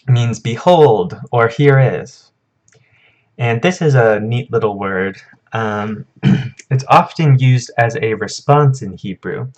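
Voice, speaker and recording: A young man teaching a casual vocabulary lesson in a relaxed, self-correcting way, chuckling at his own memory tricks. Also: fairly low pitch. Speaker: Hebrew teacher.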